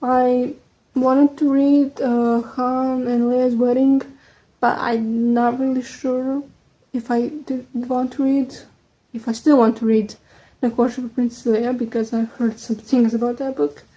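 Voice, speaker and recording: A young woman talks through her book shelf in a chatty, quick vlog manner, her English that of a second-language speaker with an American tilt. Her voice sits a touch high and sounds mellow rather than bright. She often drops into softer, quieter asides. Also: level tone, rough recording. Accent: American-leaning English, second language. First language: not English. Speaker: book vlogger. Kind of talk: casual chat.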